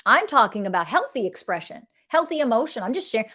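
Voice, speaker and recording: A woman's voice: fairly high pitch, lively intonation, quick pace, hardly any pauses. Blunt, fiery woman preaching self-healing. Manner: forceful, confrontational, swears freely. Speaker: podcast host, emotional health coach. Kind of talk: impassioned monologue.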